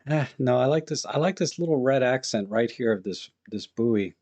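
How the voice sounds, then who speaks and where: A man hosting a live photo-editing stream, thinking aloud in a relaxed, chatty way as he works and greets viewers in the chat. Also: medium pitch, moderate pace.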